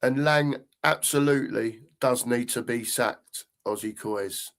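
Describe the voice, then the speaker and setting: A man's voice: medium pitch, unhurried, fairly bright tone. An older man, chatting casually as host of a live fan stream, rambling and repeating himself as he reads out viewer comments.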